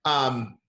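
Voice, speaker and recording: A man's voice: mid-range voice, bright, forceful tone. A man hosting a casual interview over a video call, chatty and easygoing, laughing often. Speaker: host.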